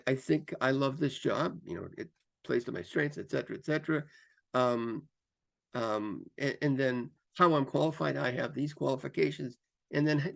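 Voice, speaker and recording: A man giving career coaching advice to camera, varying his pace and tone for emphasis and often repeating himself with fillers. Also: gravelly. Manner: lively, shifts pace and pitch for emphasis; repeats phrases, frequent fillers. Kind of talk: instructional talk to camera.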